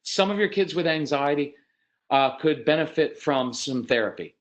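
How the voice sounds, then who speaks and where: A man's voice: on the high side, animated, normal speed, dull audio. A man giving parenting advice over a video call, talking conversationally and loosely, sometimes with his eyes closed, and now and then acting out a parent or a child. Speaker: parenting speaker.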